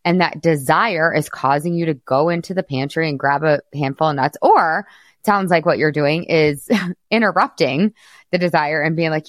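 An upbeat woman coach in her thirties talks a client through her habits with easy laughs and patient explanations. Her voice sits low for a woman. The sound is dry and close, with no room around it. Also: normal speed, no echo. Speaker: weight-loss coach and podcast host. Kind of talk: coaching conversation.

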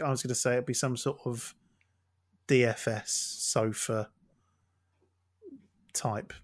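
A man with a mid-pitched voice trades jokes on a casual podcast. He swears offhandedly and teases his co-hosts. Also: fairly bright tone. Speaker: podcast co-host. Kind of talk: casual chat.

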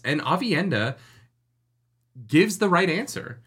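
A man co-hosting a podcast, excitedly chatting about a book he is reading. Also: high-pitched, measured pace, slightly rough. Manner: excited, laughing, expressive. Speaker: podcast co-host. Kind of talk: casual book discussion.

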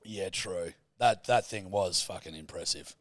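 A man's voice: sits low, a little slow, no room sound, clean studio sound. A man co-hosting a podcast in casual chat, teasing and swearing freely as he banters. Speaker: podcast co-host.

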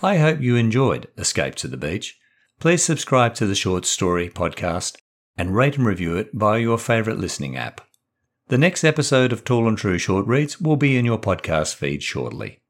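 A man, a podcast host and author, calmly narrating his own short story. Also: on the low side, normal speed. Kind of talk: scripted narration.

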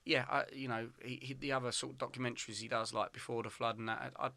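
A man in casual chat, enthusiastic and quick to agree. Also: mid-range voice, little pitch movement, gravelly, a crowd in the background.

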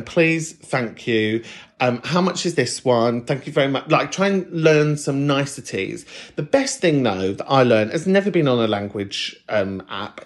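Sweary british podcast host, common accent, voice bouncing all over the place. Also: mid-range voice. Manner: sweary, animated, rambling. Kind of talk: casual chat.

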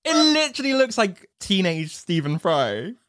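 A man's voice: sits high, big pitch swings, normal speed, a bit bright, dry recording, clean studio sound. A man co-hosting a podcast, chatting casually and playfully, laughing often and slipping into silly voices. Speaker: podcast co-host. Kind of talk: casual chat.

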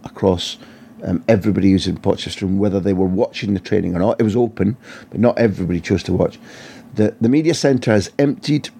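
A man's voice: lowish voice, creaky, dark tone, husky. A man, a football journalist telling vivid anecdotes in an interview, often restarting his phrases. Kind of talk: storytelling interview answers.

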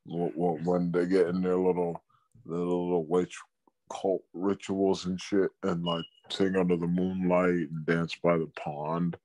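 A man with a very low voice co-hosts a podcast, talking in a slangy, laid-back way. He stumbles and repeats words as he goes. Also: flat delivery, unhurried, darkish tone, low-quality recording. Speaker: podcast co-host. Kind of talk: casual podcast banter.

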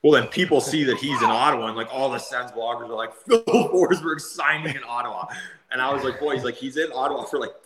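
A man's voice: mid-range voice, quick pace, roomy sound, a crowd in the background. A man in his thirties, a former player and podcast guest, telling stories in a chatty way, laughing often. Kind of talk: casual storytelling.

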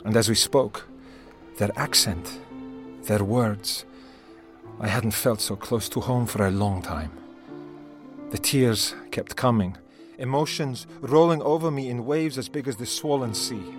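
A man's voice: mid-range voice, unhurried. A man reading a heartfelt first-person story as scripted narration, with an emotional manner. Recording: narration over music.

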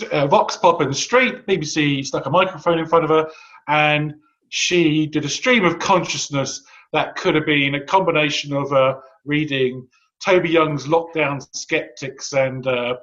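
A man's voice: a little high, a bit bright, muffled recording. A man in his fifties, a guest commentator, talking in a wry, sardonic way with frequent restarts in casual political chat. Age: 50s.

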